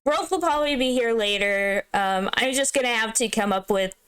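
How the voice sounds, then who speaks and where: A woman's voice: a little high, moderate pace, a bit bright, clean tone. A young woman giving casual, giggly, playfully dramatic commentary while playing a visual novel. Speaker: game streamer. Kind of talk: casual let's-play commentary.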